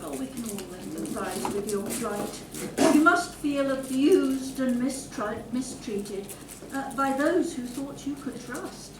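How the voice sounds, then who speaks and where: A woman with a high voice questions a guest earnestly, like a mock talk-show host in a homemade panto. She sounds distant and echoey. Steady background noise sits behind her. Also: takes it slowly. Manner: earnest, probing interviewer. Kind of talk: amateur panto comedy. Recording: echoey room, far from mic, noisy.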